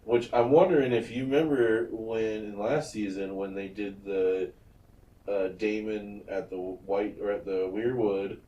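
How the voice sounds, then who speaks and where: A man's voice: on the low side, steady tone, unhurried, dark tone, roomy sound, far from the mic, a little hiss or hum, low-quality recording. A man co-hosting a podcast, casually retelling scenes from a TV episode with loose fillers and some swearing. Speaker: podcast co-host. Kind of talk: casual chat recapping a TV episode.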